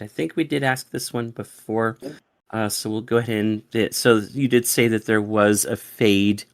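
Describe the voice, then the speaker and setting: A man hosting a fan Q&A, reading questions aloud, eager and excitable, sometimes stumbling over words. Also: on the low side, moderate pace, no echo. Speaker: fan club host. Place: home studio.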